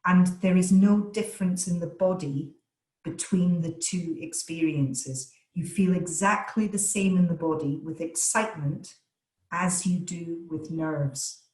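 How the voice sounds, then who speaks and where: A woman voice coach answering webinar questions over a video call, stressing her words with deliberate, energetic emphasis. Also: lowish voice, echoey room, rough recording.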